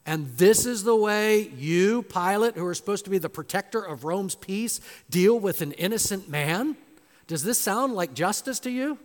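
A male pastor delivers an expository sermon, dramatic and emphatic, firing off rhetorical questions and acting out the voices he quotes. His voice is high-pitched and animated at a normal speed. A large hall gives the recording a long reverb.

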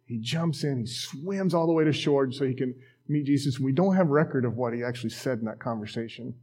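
A man's voice: medium pitch, a little fast, a little mellow, slightly rough. A man preaching a casual, conversational sermon in a church, with self-deprecating asides and acted-out quotes. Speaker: pastor.

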